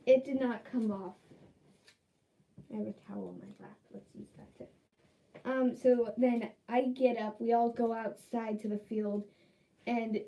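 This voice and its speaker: A woman's voice: fairly high pitch, darkish tone, rough recording. A young woman chatting casually in a vlog, rambling and exasperated with lots of fillers. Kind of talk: casual vlog chat while dyeing hair.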